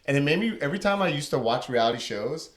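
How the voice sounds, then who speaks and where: A man's voice: fairly high pitch, fast talker. A young man telling stories in a casual podcast chat, acting out the people he quotes. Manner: animated storyteller, acts out quotes. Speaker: podcast guest.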